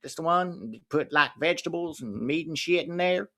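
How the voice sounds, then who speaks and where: A man's voice: on the high side, moderate pace, bright, forceful tone. A man putting on an exaggerated Southern American accent, playing a folksy, clueless customer ordering food. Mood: mock folksy. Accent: Southern US (put on). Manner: drawling, overly folksy, playing dumb.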